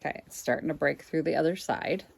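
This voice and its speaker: A woman's voice: low voice, fast talker, gravelly, breathy edge, dry recording. A woman reselling goods online, casually thinking aloud at home with wry asides to her viewers. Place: indoors at home.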